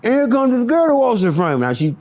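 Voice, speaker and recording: A man telling his own story in an interview, raw and profane, dropping to hushed near-whispers and then rising into animated storytelling. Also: very high-pitched, fast talker. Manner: profane and repetitive, restarting phrases. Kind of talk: confessional interview monologue.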